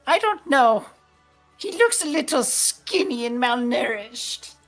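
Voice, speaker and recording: A woman's voice: on the high side, big pitch swings, slow, soft background music, voice pushed up, heavily acted. A woman voicing teasing old witch sisters who cackle and mock. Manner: sing-song, mocking, cackling.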